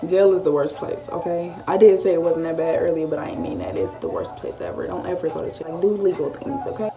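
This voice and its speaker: A late-teen woman tells a casual, animated story for her vlog, swearing freely. Her voice is low and gravelly with vocal fry. She sits a little back from the mic, with music clearly audible underneath. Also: quick pace, far from the mic. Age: late teens. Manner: animated, swearing storyteller who often acts out her own thoughts. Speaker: vlogger.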